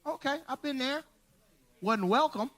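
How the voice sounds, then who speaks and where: Stand-up comic, male, crowd work, high lively voice, teasing and loud. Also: unhurried, background noise. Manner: loud, teasing, shouts punchlines. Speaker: stand-up comedian. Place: comedy club stage.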